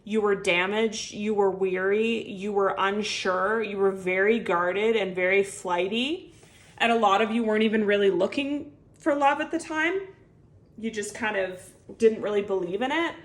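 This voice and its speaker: A woman reads tarot cards for her viewers in an earnest, heartfelt way. She talks straight to the listener at a mid pitch, and her speech is loose and full of filler words. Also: moderate pace. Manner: speaks warmly straight to the viewer. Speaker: tarot reader. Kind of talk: intuitive tarot reading to viewers.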